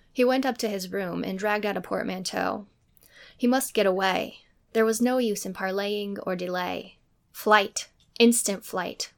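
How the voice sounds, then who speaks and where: Gravelly woman narrating a novel. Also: medium pitch. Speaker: reader and co-host. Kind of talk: reading a novel aloud.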